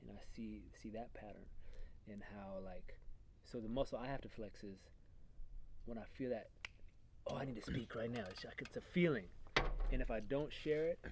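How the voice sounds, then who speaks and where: A man's voice: lowish voice, normal speed, noisy background. A man co-hosting a casual conversation, speaking reflectively and searching for his words. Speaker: podcast co-host.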